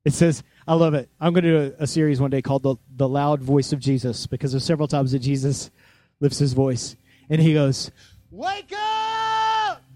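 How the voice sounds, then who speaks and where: Animated male preacher, dry close sound. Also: mid-range voice, fairly quick, no echo. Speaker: pastor. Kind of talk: sermon.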